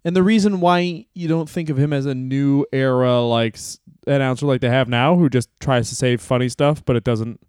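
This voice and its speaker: A man's voice: medium pitch, normal speed, few pauses, a little mellow, clear, resonant tone, no room sound, studio quality. A man co-hosting a comedy podcast, talking in a rambling, crude, laughing way. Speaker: podcast co-host. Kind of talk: casual comedy podcast chat.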